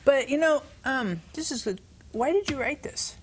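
A married woman co-hosting a Christian talk show, talking in an animated, excited way. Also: sits high, measured pace, slight background noise.

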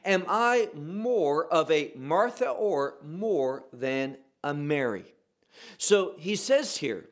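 A man delivers a Bible study in a sermon style, posing questions to his listeners and answering them himself. His speech is unhurried, and his voice sits a little high for a man. He stresses key phrases by slowing down and letting his pitch fall. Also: lively intonation. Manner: slows and drops pitch to stress key words. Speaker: Bible teacher. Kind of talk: teaching sermon.

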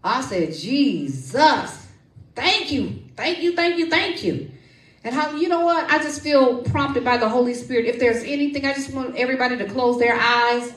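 A woman preaching a lively sermon with testimony and prayer, calling out to her congregation and coaxing responses. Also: high-pitched, normal speed, recorded from a distance. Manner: lively, call-and-response, folksy. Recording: echoey room, voice from off-mic.

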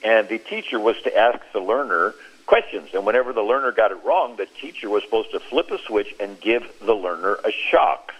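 A man giving a Christian talk on a radio show, telling stories in an animated way and acting out the quoted lines. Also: fairly low pitch, fairly quick, slightly rough, low-quality recording. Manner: animated storyteller who acts out quoted speech. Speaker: Christian speaker.

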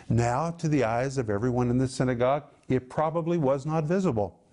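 A middle-aged man giving a sermon-style Bible teaching, explaining Greek words and slowing down to stress key words. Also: medium pitch, dark tone.

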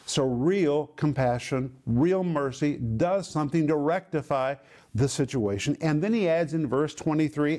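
A man with a voice pitched a little above most men teaches a sermon and works through the meanings of Greek words. He speaks with emphasis and piles up repeated words for effect. He slows right down to stretch out the key phrases. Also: a little mellow. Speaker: Bible teacher.

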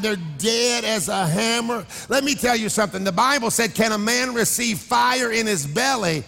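A man preaching a sermon, shouting and sing-songing his lines and calling out to the congregation. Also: sits high, normal speed, creaky, hardly any pauses, in a large hall, faint music behind. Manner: shouting, sing-song preaching with crowd call-outs. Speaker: pastor. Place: church sanctuary.

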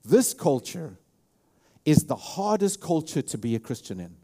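This sermon comes from a South African–accented pastor whose fairly high voice is sing-song, husky, and dark in tone, paced a little slowly. He speaks emphatically and repetitively, restarting often and repeating words.

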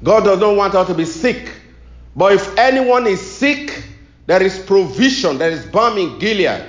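A man's voice: sits high, sing-song, normal speed, echoey room. A male preacher delivering a sermon and prayer with a rhythmic, repetitive cadence.

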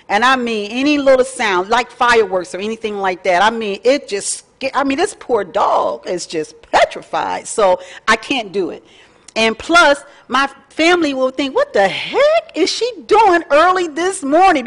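Chatty woman teaching a Bible lesson. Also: a little high. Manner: folksy, chatty, lively with asides and laughs. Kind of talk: casual teaching talk.

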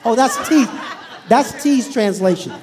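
A woman's voice: a little high, lively intonation, measured pace, crowd noise. A woman pastor preaching a sermon, playfully acting out scripture with humor.

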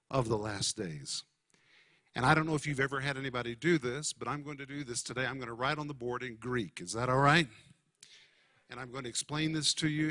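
A man preaching a Bible teaching at a steady middle pitch. He leans hard on key words and slows down to drive each point home. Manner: emphatic, deliberate teaching with stressed key words. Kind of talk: sermon.

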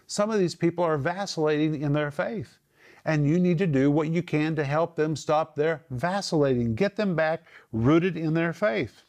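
A man teaches from the Bible, explaining Greek words and stressing key phrases with emphatic, drawn-out delivery. His voice is fairly high in pitch with a darkish tone.

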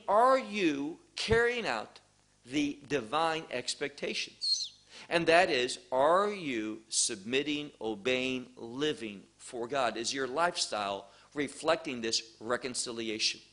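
A man preaching a sermon, slow and emphatic, posing questions to the congregation. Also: mid-range voice, expressive, a bit bright.

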